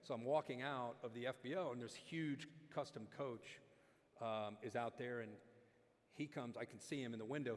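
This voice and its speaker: A man telling a lively story as a guest speaker at a dinner event, acting out the quotes. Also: mid-range voice. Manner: animated, acts out quotes. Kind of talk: storytelling on stage. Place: large hall at a dinner event. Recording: long hall reverb.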